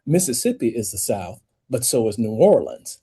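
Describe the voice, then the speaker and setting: Animated storytelling man with a mellow voice. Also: moderate pace, husky. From United States. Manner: animated storyteller, rising emphatic pitch when making points. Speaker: author and audiobook narrator. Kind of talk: podcast interview guest.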